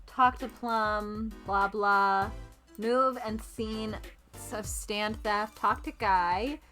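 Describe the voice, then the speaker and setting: A woman's voice: mid-range voice, steady tone, extremely slow, sharp tone. A woman co-playing a game, chatting casually and reading menu options aloud dryly, with faint game music behind. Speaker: co-player guest. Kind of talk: casual let's-play chat.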